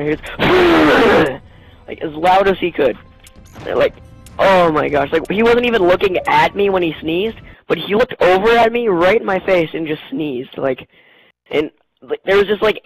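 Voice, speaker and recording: A man's voice: high-pitched, poor audio. A man hosting a gaming channel who answers questions in a rambling, crude, joking way, packing his talk with "like" and "you know". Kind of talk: joking Q&A over gameplay.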